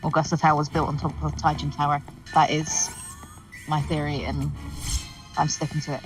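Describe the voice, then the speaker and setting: A woman's voice: low-pitched, flat delivery, moderate pace. A woman co-hosting a let's-play, chatting casually and laying out her own theories with confidence. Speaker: co-host. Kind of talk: casual gaming chat. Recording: distant mic, over game music.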